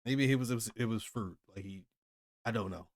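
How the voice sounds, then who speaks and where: A man's voice: on the low side, fairly quick, no echo, clean studio sound. A man hosting a comic reaction video, reading the chapter aloud and reacting casually, often thinking aloud with hesitant restarts. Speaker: host.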